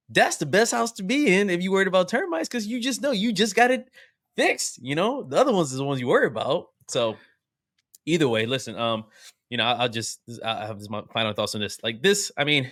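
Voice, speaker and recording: A man's voice: sits high, sing-song, fairly quick, a bit bright, no echo, studio quality. A young adult man co-hosting a podcast, chatting casually, joking and rambling with lots of fillers. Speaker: podcast co-host. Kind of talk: casual chat.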